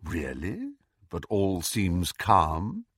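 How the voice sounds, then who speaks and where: A man voicing a cold, sly male professor, speaking slowly, quietly and low. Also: huge pitch swings, slightly rough, dry recording, clean studio sound, full character voice. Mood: coldly menacing. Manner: slow, quiet, low and silky.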